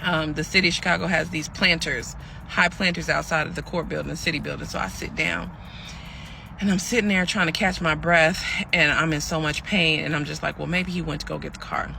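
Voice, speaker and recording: A man's voice: fairly high pitch, fairly even intonation, fairly quick, creaky, noisy background. A man telling a pregnant young woman's story in her voice, chatty and calling listeners y'all as he acts out the quoted lines. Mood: weary, aggrieved. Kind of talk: storytelling monologue.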